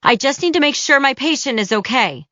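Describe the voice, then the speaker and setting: A woman's voice: fairly low pitch, lively intonation, unhurried, fairly bright tone, dry recording. A woman narrator voicing a determined woman surgeon who firmly insists on getting past a guard, in dull lo-fi audio. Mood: urgent.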